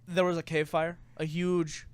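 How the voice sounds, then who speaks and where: A young man with a slightly high voice tells a long, rambling story from a tabletop game. He keeps restarting his sentences, and he gets louder and swears as he gets excited. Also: unhurried, smooth. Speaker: podcast co-host telling a game story. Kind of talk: casual storytelling chat.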